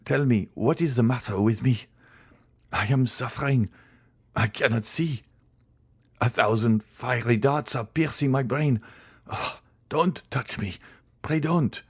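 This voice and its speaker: A man's voice: fairly low pitch, lively intonation, a little fast, hardly any pauses, darkish tone. A man voicing a loyal old male servant in an audiobook, respectful and then gasping in pain. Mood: agonized.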